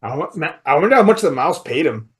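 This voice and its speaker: A man's voice: fairly high pitch, very animated, fast talker. A man co-hosting a casual podcast, telling anecdotes and dropping dry wisecracks. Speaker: podcast co-host.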